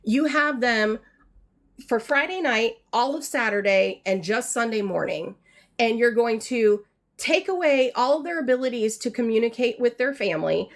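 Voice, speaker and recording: A woman's voice: a little high, expressive, moderate pace. Frustrated mother in her thirties, venting in a casual livestream, rambling with fillers. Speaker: mother telling a family story. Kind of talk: casual storytelling to viewers. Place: home art studio. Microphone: livestream mic.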